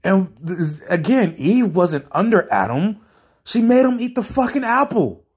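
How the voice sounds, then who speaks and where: A man with a husky, slightly raised voice tears into viewer comments. His talk is exasperated and sarcastic, and he swears freely as his rhetorical questions pile up. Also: sits high, sing-song, unhurried, a little mellow. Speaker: commentary streamer. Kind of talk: reacting to comments.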